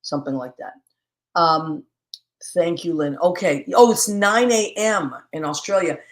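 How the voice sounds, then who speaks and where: A woman hosting a live-streamed talk show, chatting casually, warmly greeting viewers by name with endearments and rambling with many fillers and restarts. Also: fairly low pitch, unhurried. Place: home, streaming live in New York.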